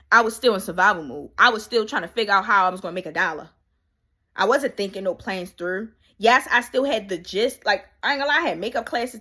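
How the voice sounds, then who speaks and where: A woman's voice: a little high, sharp tone. A woman life coach speaking casually and emphatically to viewers, repeating key phrases and drawing on her faith. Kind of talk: candid motivational monologue.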